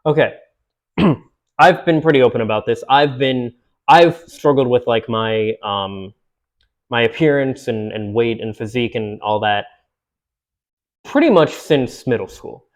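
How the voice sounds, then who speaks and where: A vlogger in his twenties chats loosely to camera for his viewers at a measured pace and ordinary middle pitch. He rambles and restarts sentences, his talk broken up by fillers, laughs and an occasional swear word.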